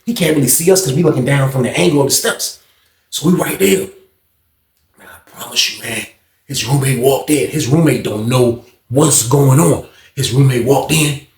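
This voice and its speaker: A man's voice: mid-range voice, moderate pace, darkish tone. A man casually telling a storytime tale in slang, animating it with acted-out dialogue. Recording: roomy echo.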